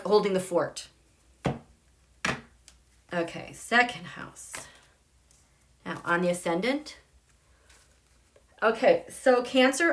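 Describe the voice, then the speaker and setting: A woman hosting a live tarot and astrology stream, excitable and gushing, swinging between loud exclamations and soft murmurs. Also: fairly high pitch. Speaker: tarot and astrology channel host.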